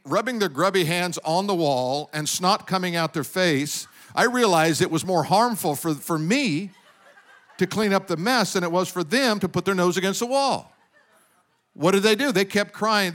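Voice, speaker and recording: Animated man preaching a sermon. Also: a little high. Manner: animated, asks the congregation questions. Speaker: pastor.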